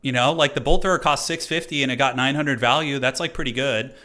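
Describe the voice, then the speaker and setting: A man with a bright, forceful voice at an ordinary middle pitch, casually narrating his own strategy match for stream viewers. He thinks out loud, hedges with fillers and picks apart his own mistakes. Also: brisk. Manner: casual, self-critical, thinks aloud with many fillers. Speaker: streamer playing a competitive strategy tournament. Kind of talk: live game commentary to viewers.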